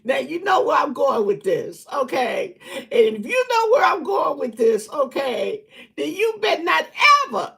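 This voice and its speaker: A woman's voice: sits high, sing-song, moderate pace, vocal fry. A middle-aged woman hosting a casual chat with online viewers. She talks in an emphatic, preachy way, repeats herself and laughs a lot. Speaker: livestream host.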